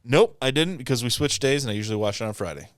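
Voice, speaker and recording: Guy on a podcast telling goofy work stories, cussing and cracking up, pitch all over, dry room. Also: animated, fast talker, no echo. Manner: laughing, profane storytelling. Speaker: podcast co-host. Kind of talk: casual chat.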